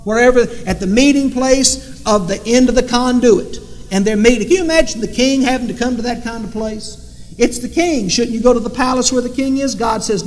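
A man's voice: extremely high pitch, brisk. A man preaching a sermon, emphatic and repetitive, firing off rhetorical questions. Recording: long reverb in a hall.

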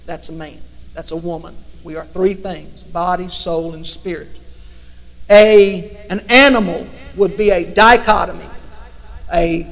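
A man preaching a sermon in a conversational way, now and then acting out imagined prayers to God. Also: sits high. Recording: long hall reverb.

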